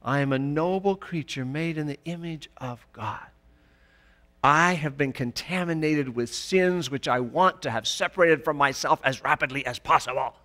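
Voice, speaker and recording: A male pastor preaching a sermon in church, emphatic, rising to loud peaks. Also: a little high, moderate pace.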